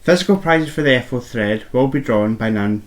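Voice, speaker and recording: A man's voice: medium pitch, moderate pace. A man co-hosting a podcast who reads the rules in a playful, teasing way. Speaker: podcast co-host. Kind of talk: casual chat.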